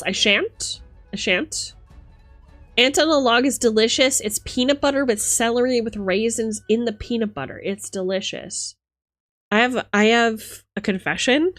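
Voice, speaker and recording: A young woman streamer chatting casually with her viewers, animated, laughing and swearing freely. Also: on the high side. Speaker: livestreamer.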